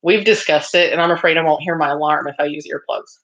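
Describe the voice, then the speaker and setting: A woman's voice: low voice, quick pace, a bit bright. A woman hosting a casual craft livestream, reading viewer comments aloud and chatting back with lots of ums and laughs. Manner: chatty, reads out viewer comments and answers them; frequent laughs and filler ums. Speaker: livestream host. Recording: slightly dull lo-fi sound.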